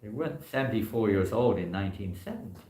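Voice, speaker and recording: A man's voice: on the low side, animated, quick pace, warm tone. A man, a monk, giving an informal scripture class in a temple hall, talking in a loose, rambling way full of "you know" fillers.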